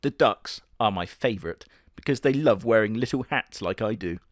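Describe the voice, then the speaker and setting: A man hosting a comedic reaction video with sarcastic, profane, deadpan jokes. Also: fairly low pitch, moderate pace, dry recording, studio quality.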